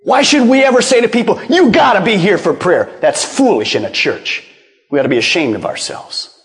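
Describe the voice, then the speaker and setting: A man preaching a sermon as pastor, animated, asking rhetorical questions and dropping to hushed low tones. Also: fairly quick, in a large hall. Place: church sanctuary.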